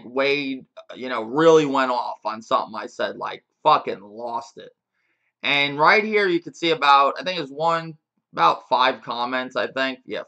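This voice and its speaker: A man's voice: mid-range voice, bright, forceful tone. A man giving a casual, profane rant to his viewers as a gaming YouTuber, with frequent chuckles and restarts.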